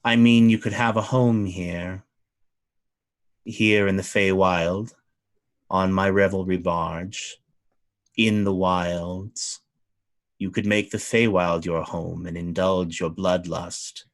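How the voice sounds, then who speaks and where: A man voicing a cold, imperious fey lord who speaks slowly in formal, archaic phrasing. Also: low-pitched, fairly even intonation, voice pushed down. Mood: coldly formal.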